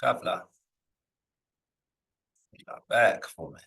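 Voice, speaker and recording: A man teaching a live lesson, reading old texts slowly aloud and then explaining them in loose, searching asides. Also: a bit bright, distant mic, low-quality recording. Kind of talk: live recorded scripture lesson.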